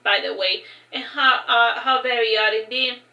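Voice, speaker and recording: A stiff, cold judge in a fantasy storybook reading, speaking slowly and primly, as a woman reads his lines. The voice stays bright and the room is echoey. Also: a little high, creaky, muffled recording.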